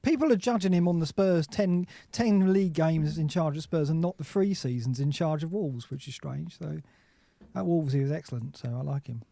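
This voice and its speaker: Dude cohosting a footy podcast, kinda high voice, dry close mic, laid back and wry. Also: male voice, normal speed, creaky, mellow, no echo. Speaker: podcast co-host. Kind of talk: casual podcast chat. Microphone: desk mic into podcast mixer.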